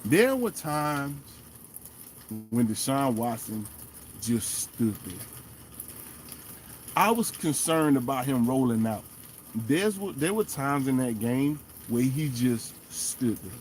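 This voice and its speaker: A man hosting a fan show, giving animated, emphatic casual commentary and talking straight to the players. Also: medium pitch, takes it slowly, long pauses, a little hiss or hum. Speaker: sports fan show host.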